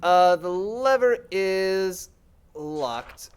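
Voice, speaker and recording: Man streamer, casual let's-play chatter, slightly high and very animated. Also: very slow, slight background noise. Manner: casual, chatty, thinking aloud.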